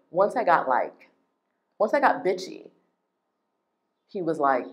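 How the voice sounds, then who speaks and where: Low-voiced woman ranting indignantly. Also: measured pace. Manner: animated, indignant, emphatic repetition. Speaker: travel business owner. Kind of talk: ranting vlog.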